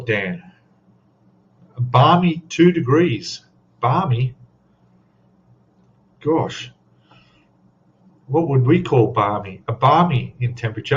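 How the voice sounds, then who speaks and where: A man chats unhurriedly on a home live stream, rambling along with ums and self-deprecating asides. The audio is dull and lo-fi, with a faint hiss behind him. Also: medium pitch. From Australia. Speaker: scale modeling livestream host. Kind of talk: casual live stream chat. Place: home hobby room.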